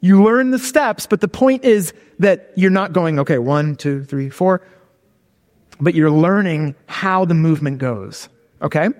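A man's voice: high-pitched, measured pace, a little mellow, big-room sound. A man giving a conversational sermon who keeps checking in with his listeners with "okay?" and "all right?". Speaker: preacher.

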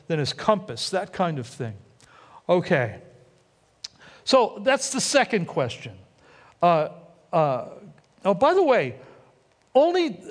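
A man preaches a sermon with a high, lively voice that climbs and falls as he acts out the quotes. The sound carries the long reverb of a church sanctuary. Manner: animated, acts out quotes with rising and dropping voice. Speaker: pastor.

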